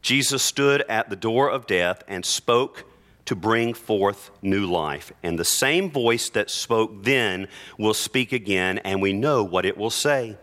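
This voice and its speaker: A male pastor preaching earnestly in church, reading scripture aloud with slow, emphatic phrases. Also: fairly low pitch, a bit bright. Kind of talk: sermon.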